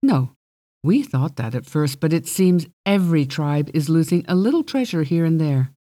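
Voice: mid-range voice, sing-song, normal speed, dark tone, dry recording, clean studio sound, natural voice. A reader voicing a proud, guarded fairy princess who speaks formally and bargains haughtily. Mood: haughty. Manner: arrogant, formal, evasive.

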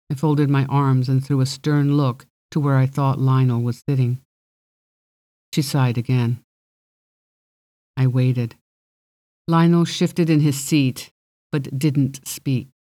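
An audiobook reader narrating a first-person fantasy story in a wry, measured way. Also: medium pitch, mellow.

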